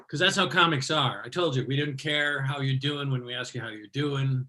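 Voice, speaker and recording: A man's voice: medium pitch, fairly quick, few pauses, pushed and bright, slight background noise. A man hosting a comedy show over a video call, chatting loosely with plenty of fillers. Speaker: show host. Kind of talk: casual emcee chat.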